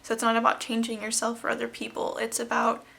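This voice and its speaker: A woman's voice: fairly high pitch, completely flat delivery, fast, creaky, sharp tone, slightly rough. A woman in her twenties, talking candidly and emotionally to camera as she retells a personal story. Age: 20s. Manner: candid, emotional, quoting others in retold dialogue. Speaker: vlogger.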